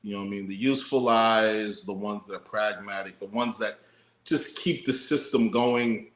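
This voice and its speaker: A man's voice: lowish voice, normal speed, fairly bright tone. Laid-back profane man in an echoey room. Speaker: podcast co-host. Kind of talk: casual chat. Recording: roomy echo.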